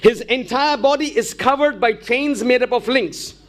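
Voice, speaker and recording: A man's voice: extremely high pitch, moderate pace. A man preaching a religious lecture, telling a story and driving it home with repeated rhetorical questions. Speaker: Islamic preacher.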